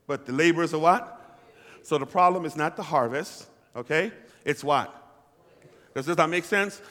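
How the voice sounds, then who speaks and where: A man's voice: a little high, a bit bright, long reverb tail. A pastor preaching a sermon to his congregation, calling for responses and repeating lines for emphasis. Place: church hall.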